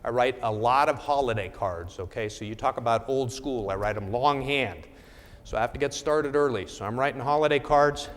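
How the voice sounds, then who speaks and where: A man's voice: mid-range voice, normal speed, long reverb tail. A middle-aged man presenting at a talk, telling a wry story in a conversational way with frequent check-ins to the audience.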